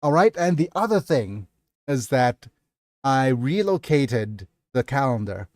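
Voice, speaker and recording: Halting, apologetic man streaming. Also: mid-range voice, sing-song, a little mellow, dry recording, studio quality. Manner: halting and apologetic, many fillers. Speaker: livestreamer and novelist. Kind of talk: casual livestream chat about his writing.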